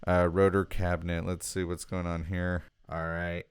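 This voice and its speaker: A man's voice: low-pitched, flat delivery, moderate pace, clean tone, no echo. A man casually demoing vocal effects gear, thinking aloud as he tries each setting. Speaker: musician testing vocal effects.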